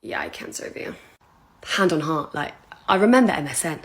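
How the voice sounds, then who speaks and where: A woman's voice: sits low, very animated, normal speed. A woman voicing a stern bartender who keeps firmly refusing service.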